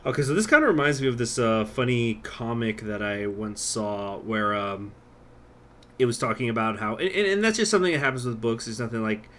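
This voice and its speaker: A man's voice: mid-range voice, lively intonation, brisk, fairly bright tone, a little hiss or hum. A man hosting a strategy game let's-play, chatting casually and rambling through asides while reading event text aloud. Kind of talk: casual gameplay commentary.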